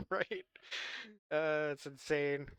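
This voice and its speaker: A man's voice: fairly high pitch, animated, extremely slow, creaky, smooth, no echo. A man chatting casually with his audience on a live stream, loose and joking, laughing often and swearing freely. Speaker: livestreamer.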